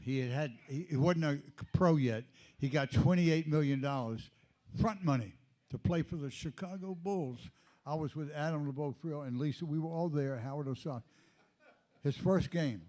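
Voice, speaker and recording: A man in his eighties hosting a live comedy night, telling meandering deadpan stories with lots of asides. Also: a little high. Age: 80s. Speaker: comedy host. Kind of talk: rambling stand-up storytelling.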